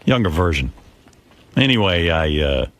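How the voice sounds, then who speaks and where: A man's voice: deep voice, sing-song, measured pace, a bit bright, a little hiss or hum. An older man hosting a radio show, telling a story in casual chat and acting out the voices of the people in it. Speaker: radio host. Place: radio studio.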